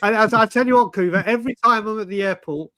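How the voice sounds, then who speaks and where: A man's voice: high voice, quick pace, pushed and bright. A man, telling stories animatedly on a casual live stream, swearing and saying "mate" constantly. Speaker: co-host.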